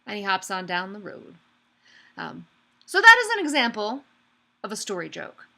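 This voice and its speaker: A woman's voice: medium pitch, very animated, normal speed, gravelly, bright, forceful tone. Upbeat woman teaching an online class. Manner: upbeat, chatty, addresses students by name. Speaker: online course instructor. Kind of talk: live online class lecture.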